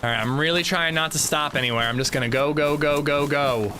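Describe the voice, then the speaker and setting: A man's voice: on the high side, brisk, bright, forceful tone, slight background noise. An American man streaming a game, chatting and joking as he answers his chat. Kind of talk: casual gaming livestream chat.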